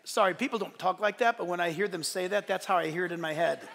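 A pastor preaching a sermon to his church, emphatic and animated, with joking asides. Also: high voice, fast, gravelly, crowd noise, noisy background. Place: church sanctuary during a service. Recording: long reverb of a large hall.

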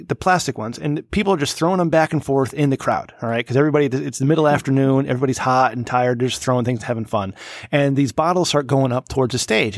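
A man's voice: medium pitch, dry recording. Man in his late thirties, dry mic. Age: 30s. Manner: rambling profane storytelling. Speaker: podcast host. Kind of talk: casual chat.

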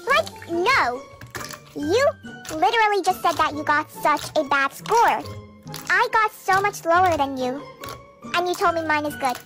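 A woman's voice: very high-pitched, lively intonation, measured pace, bright, forceful tone. A young woman telling school storytime gripes in a sarcastic, exasperated way, with music playing behind. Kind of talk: storytime narration.

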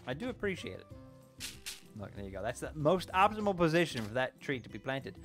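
A young Canadian man streaming a farming game, chatting casually with viewers, excitable and apologetic, sometimes shouting. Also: medium pitch, fairly quick, faint music behind. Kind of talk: casual live-stream chat. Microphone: desk mic.

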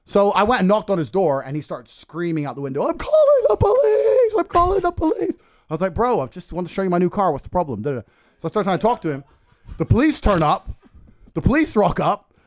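A man from England telling a story on a podcast, boastful and animated, laughing often. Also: high-pitched, fast. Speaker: guest.

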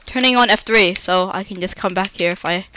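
A woman's voice: medium pitch, brisk, background noise. A woman giving chatty gameplay commentary, breaking into dramatic squeals and panicked repeated cries. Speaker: Minecraft let's-play creator.

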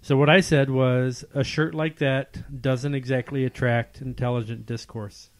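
A man's voice: mid-range voice, level tone, a little slow. A man co-hosting a podcast, reading a story aloud and then asking his co-host for feedback in casual chat.

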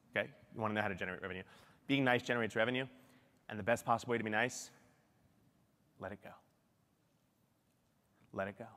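A middle-aged man giving a lively, self-deprecating keynote talk at a conference. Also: on the low side, long reverb tail. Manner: animated, self-deprecating storytelling. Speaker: keynote speaker. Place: large conference hall.

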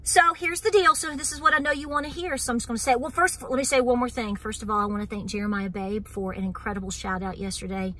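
A woman's voice: a little high, steady tone, fast talker, hardly any pauses, bright, forceful tone. A middle-aged woman with an East Tennessee accent, hosting a homestead vlog and talking earnestly and wound up to her viewers, dropping in y'all. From Southern Appalachia. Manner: earnest and wound up, repeats "so here's the deal", says y'all. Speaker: homestead channel host. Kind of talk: casual vlog talk to viewers.

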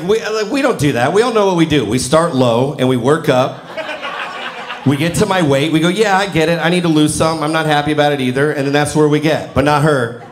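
A man in his forties performing a stand-up comedy set in a live venue, telling stories and acting out quotes in a conversational way. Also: fairly high pitch. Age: 40s. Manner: conversational storytelling with acted-out quotes. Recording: roomy live venue with loud audience noise.

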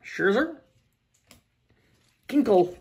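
A man's voice: high-pitched, big pitch swings, extremely slow, darkish tone, breathy edge. A man opening packs of baseball cards, rattling off player names with joking asides in a casual chat. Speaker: card breaker.

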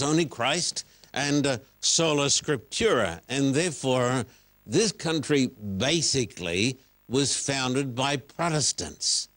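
A man's voice: mid-range voice, fairly bright tone. A man hosting a broadcast religious interview in a studio. He is a pastor, and his questions come out earnest and probing. He stresses key words the way he would from a pulpit.

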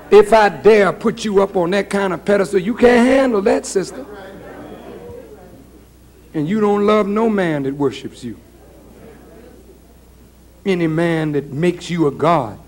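Seorang pria menyampaikan khotbah dengan suara sangat tinggi dan tempo lambat, jenaka dan penuh tiruan, sementara samar terdengar jemaat di belakangnya. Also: male voice, high-pitched, unhurried, long pauses, a faint crowd, a little hiss or hum. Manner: animated, humorous preaching with mimicry. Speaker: minister. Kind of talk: sermon. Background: congregation.

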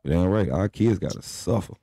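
A man's voice: low voice, expressive, normal speed, dark tone, dry recording, studio quality. A young man co-hosting a casual live stream, talking bluntly and with lots of profanity, lecturing his viewers. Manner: blunt, profane, preachy pep talk. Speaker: livestream co-host.

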